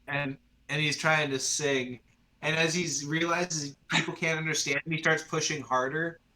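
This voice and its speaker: A man's voice: on the high side, steady tone, moderate pace, sharp tone. A man narrating a tabletop game as its game master, in loose storytelling full of fillers. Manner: loose, filler-heavy storytelling with sung sound effects.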